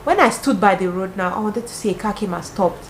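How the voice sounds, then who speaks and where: A young woman with a Cameroonian English accent, telling dating stories casually in an animated, dramatic way with exclamations. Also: mid-range voice, brisk, a little hiss or hum. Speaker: vlogger. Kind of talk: casual storytelling. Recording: roomy echo, faint ambience.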